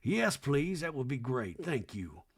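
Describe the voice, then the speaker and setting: A man voicing an earnest grown daughter who keeps her patience with her mother in a measured tone. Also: medium pitch, very animated, breathy edge, full character voice. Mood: strained.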